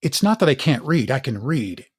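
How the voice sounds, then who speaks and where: Husky, earnest middle-aged man. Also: mid-range voice, sing-song, no room sound. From Northern California. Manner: earnest, halting, with frequent word repeats and restarts. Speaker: actor and podcast guest. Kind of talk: candid storytelling interview.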